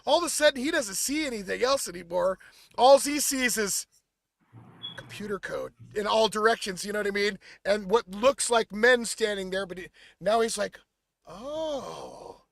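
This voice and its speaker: High voiced podcast guy, gets all dramatic telling stories, dry mic. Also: normal speed, gravelly, no echo. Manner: animated, dramatic storytelling. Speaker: podcast co-host. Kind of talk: casual podcast chat.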